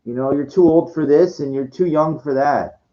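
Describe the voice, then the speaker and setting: A man's voice: on the high side, moderate pace. A man in his forties ranting about his life, with many stammered restarts, frequent swearing and exasperated outbursts. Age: 40s. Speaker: monologue speaker. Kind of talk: rambling personal rant. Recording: dull lo-fi audio.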